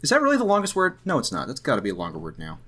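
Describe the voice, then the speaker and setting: A man's voice: mid-range voice, huge pitch swings, racing, pushed and bright. A man co-hosting a podcast in casual, jokey chat about a cartoon. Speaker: podcast co-host.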